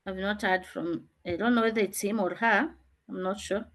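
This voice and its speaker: A woman's voice: medium pitch, steady tone, normal speed, fairly bright tone. Woman teacher running an online class, explains rules and quizzes students. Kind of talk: online revision lesson.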